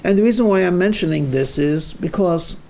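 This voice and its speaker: A man, a rabbi, telling a joke slowly and deliberately in a weekly lecture, acting out the dialogue. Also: high-pitched, creaky, a little mellow, a little hiss or hum.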